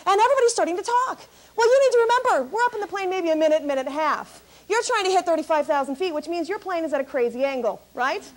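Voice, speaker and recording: A woman keynote speaker telling a comic story to an audience, animated and laughing as she talks. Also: fast talker. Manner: animated, laughing, high-energy.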